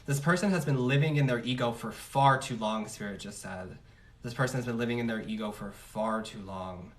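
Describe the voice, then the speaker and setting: A man with a mid-range voice gives a casual tarot reading on a livestream, speaking a little fast and recorded from a distance on a phone. He's chatty and slangy, and he laughs at his own asides.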